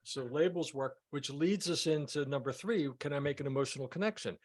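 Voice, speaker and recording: A man's voice: on the high side, a little fast. A man leading a sales coaching session, emphatic, often repeating words as he teaches. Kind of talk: group coaching call.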